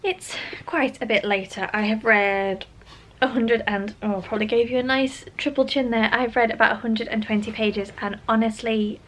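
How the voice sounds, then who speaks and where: A woman's voice: on the high side, steady tone, normal speed. Chatty British woman vlogging. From United Kingdom. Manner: chatty, exasperated and candid. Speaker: book vlogger. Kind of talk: casual chat, book review. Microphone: phone camera.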